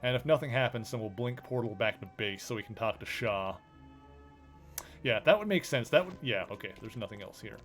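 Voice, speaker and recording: A man's voice: mid-range voice, expressive, fairly quick, a bit bright, soft background music. A male streamer giving casual commentary as he plays a video game, thinking aloud in a chatty, rambling way.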